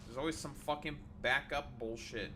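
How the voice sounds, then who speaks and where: A young man streaming a game, chatting casually, swearing often and ranting excitably. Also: mid-range voice, normal speed, noisy background. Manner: profane, excitable, breaks into laughter, rants. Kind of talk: casual gaming stream chat.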